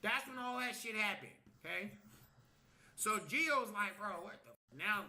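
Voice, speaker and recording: A man's voice: high voice, animated, a little slow, pushed and bright. A man telling a story on a livestream in a casual way, swearing, acting out what people said, and ending lines with "okay?". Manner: tags lines with "okay?", swears, acts out quotes.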